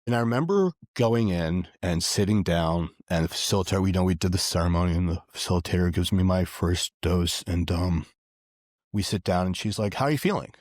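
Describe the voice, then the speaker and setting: A man's voice: low voice, fairly quick, a little mellow, no room sound, clean studio sound. A man guest in a casual conversation, earnest and rambling, with many fillers and restarts. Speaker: podcast guest.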